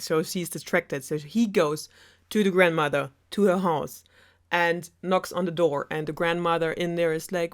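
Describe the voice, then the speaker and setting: A German woman with a German accent narrates an old fairy tale in a chatty, sarcastic way. Her voice sits fairly low, and she drifts into rambling asides as she goes. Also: moderate pace. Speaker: storyteller host.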